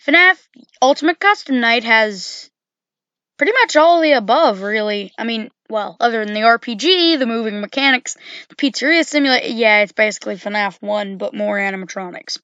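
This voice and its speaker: Woman, casual rambling game commentator, bright tone, dull dry home recording. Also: a little high, lively intonation, normal speed, smooth, dry recording. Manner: rambling, full of "you know" and self-corrections.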